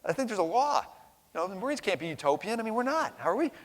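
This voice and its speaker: A man's voice: high-pitched, sing-song, fast talker. A middle-aged man giving an impassioned conference keynote, blunt and emphatic, swearing casually and tagging points with "right?". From United States. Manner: blunt, profane, emphatic, frequent "right?" tags. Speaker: conference plenary speaker. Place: large conference hall. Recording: long reverb of a large hall.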